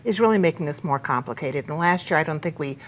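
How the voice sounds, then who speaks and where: A woman's voice: low voice, animated, quick pace. A woman journalist on a panel, explaining a local issue in an earnest way. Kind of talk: panel discussion.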